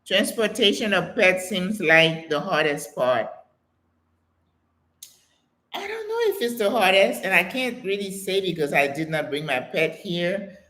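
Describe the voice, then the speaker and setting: An older American woman hosting a live question-and-answer stream, reading viewer comments aloud and telling stories in a chatty, animated way. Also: on the low side, measured pace. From United States. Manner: chatty, animated storytelling with exclamations and laughter. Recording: echoey room sound.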